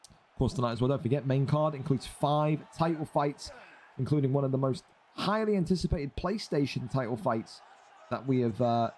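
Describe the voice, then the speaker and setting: A man with a blocked, stuffy nose doing energetic play-by-play commentary on video game fights. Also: mid-range voice, slight background noise. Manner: energetic play-by-play, rising to shouts on big hits.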